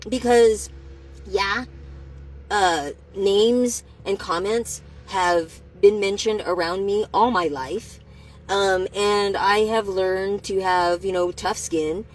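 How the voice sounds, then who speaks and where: A woman telling a personal story to the camera, in a candid and profane way, speaking slowly at first and then getting heated. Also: mid-range voice, a little hiss or hum, low-quality recording. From United States.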